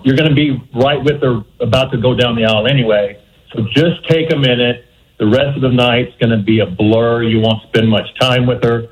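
A man phones into a radio talk show and gives advice in an earnest, unhurried way. His voice sits at an ordinary middle pitch. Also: poor audio. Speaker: caller.

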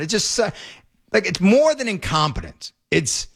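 A middle-aged man hosting an opinionated talk show, animated and exasperated, often stumbling and repeating words. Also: high voice, normal speed, gravelly, husky. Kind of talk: opinionated talk radio commentary.

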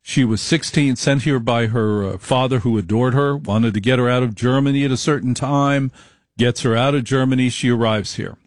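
A middle-aged man telling a story in a monologue, emphatic and repetitive, slowing down to stress his points. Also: mid-range voice, no echo, clean studio sound.

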